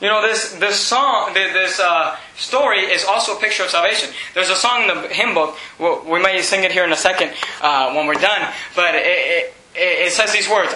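A high-voiced man pastor preaching a fervent sermon. His tone is sharp and bright, rising into shouts and sinking to low, urgent passages. The sound is roomy and echoing, with a faint hiss underneath. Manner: loud, fervent preaching with shouts and quick drops to low tones.

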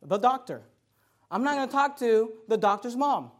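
A man's voice: very high voice, animated, moderate pace. A man preaching a sermon as a pastor, in an emphatic, conversational way with frequent restarts.

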